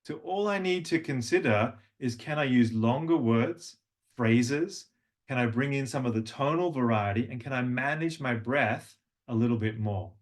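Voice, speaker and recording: A middle-aged language coach with a faint Australian tint to an otherwise neutral accent runs a voice workshop. His mid-range voice carries a warm, encouraging teaching style, and he often pauses to sing or model a phrase exactly as he wants it delivered.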